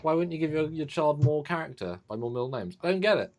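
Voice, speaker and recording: A man's voice: on the high side, animated, fast. A man in his thirties co-hosting a casual livestream chat, with dry, teasing banter. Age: 30s. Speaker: co-host.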